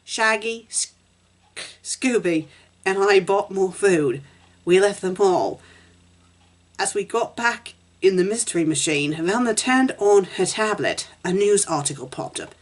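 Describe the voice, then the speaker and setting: A woman's voice: mid-range voice, animated, a little slow. Wry woman reading a fan story aloud. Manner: wry, giggly asides. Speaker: fan fiction critic.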